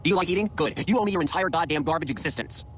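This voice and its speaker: An actor playing a foul-mouthed, abusive head chef who rants and then sinks into self-pity, in a game. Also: male voice, on the high side, lively intonation, very fast, a bit bright, slight background noise. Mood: ranting. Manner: ranting, profane, self-pitying. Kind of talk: video game voice acting.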